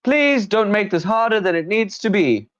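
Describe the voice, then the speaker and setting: A man voicing a young male bandit highwayman who shouts blustering demands. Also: animated, normal speed, highs cut off. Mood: shouting threats.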